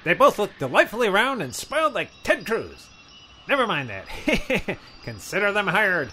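Brief: man playing a perky, pompous rich miser, high, bright, bouncy delivery. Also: huge pitch swings, measured pace, a little hiss or hum, heavily acted. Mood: chipper. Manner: cheery, eager, chuckling, pompous. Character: chipper, wealthy miserly politician as Scrooge. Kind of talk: radio comedy sketch.

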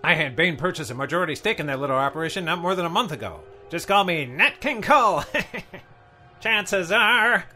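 A man's voice: on the high side, animated, normal speed, bright, forceful tone, faint music behind. A man voicing a cheery, wealthy, miserly politician cast as Scrooge, eager and a little pompous. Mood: chipper. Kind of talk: radio comedy sketch.

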